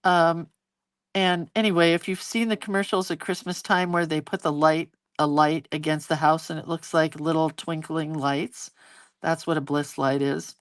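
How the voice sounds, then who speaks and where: A woman's voice: deep voice, normal speed, no echo. A middle-aged woman chatting casually and telling a story while she draws, acting out quotes as she goes. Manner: chatty, animated retelling with acted quotes. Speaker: hand-lettering creator hosting a live video.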